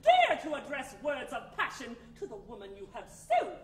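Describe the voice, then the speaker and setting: A woman's voice: high voice, wildly swooping pitch, normal speed. Katisha, a fierce scorned lady. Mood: scornful. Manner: melodramatic, scornful. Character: fierce, imperious spurned woman. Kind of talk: comic light opera stage performance. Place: theatre stage. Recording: roomy stage sound with faint noise.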